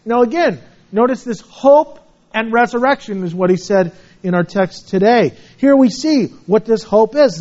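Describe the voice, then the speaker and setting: A man's voice: high voice, darkish tone, highs cut off. A man preaching a sermon, earnestly reading scripture aloud and explaining it. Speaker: pastor.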